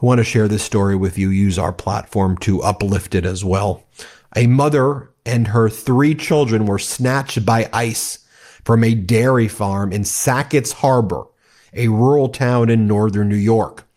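A man delivering fiery political commentary in a fairly low voice. His tone is scornful and angry, and he rattles off complaints in a ranting rhythm. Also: measured pace, darkish tone.

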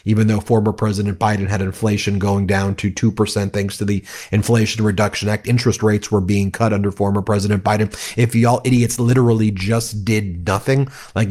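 A man's voice: lowish voice, a little mellow. Scornful man ranting about politics. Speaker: political commentator. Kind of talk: heated political commentary.

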